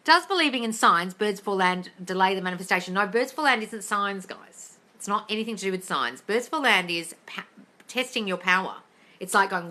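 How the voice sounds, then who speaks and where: A woman's voice: medium pitch, animated, moderate pace, pushed and bright. A woman coaching listeners in a casual live-stream Q&A, blunt and sweary, calling everyone darling. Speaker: manifestation coach answering live questions. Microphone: phone.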